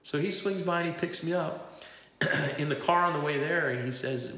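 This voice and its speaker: A man's voice: fairly high pitch, moderate pace, bright, forceful tone. A man preaching a testimony, telling his story and acting out the voices of the people he quotes. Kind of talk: testimony sermon. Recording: echoey hall.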